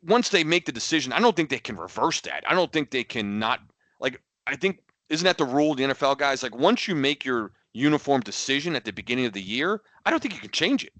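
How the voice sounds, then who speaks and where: A man's voice: medium pitch, big pitch swings, quick pace, fairly bright tone, dry recording. A man co-hosting a podcast in casual sports chat, rambling and exasperated, with many restarts and repeated words. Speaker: podcast co-host.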